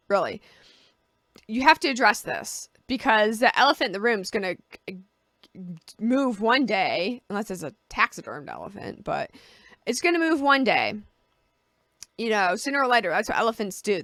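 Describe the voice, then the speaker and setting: A woman's voice: a little high, bright, forceful tone, no echo, studio quality. A woman vlogger talking casually to camera, giving personal advice and explaining with homely analogies.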